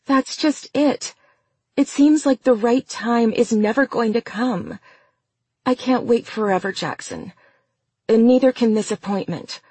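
A scheming young woman with a soft, quivering, higher voice, as a narrator puts her on. She sounds weak and pitiful on purpose, slow and husky, in a dry, close space. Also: no room sound. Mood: accusing. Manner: soft, quivery, feigned weakness.

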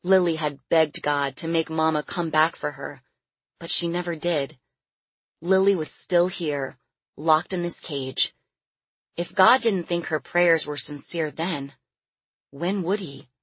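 A woman narrating an audiobook in a steady, measured way. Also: low-pitched, slightly rough, no room sound.

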